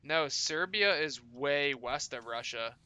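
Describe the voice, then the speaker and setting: A man's voice: fairly high pitch, lively intonation, slow pace, sharp tone, clear, resonant tone, no echo. A man chatting casually with his viewers as a streamer, rambling with lots of swearing and fillers.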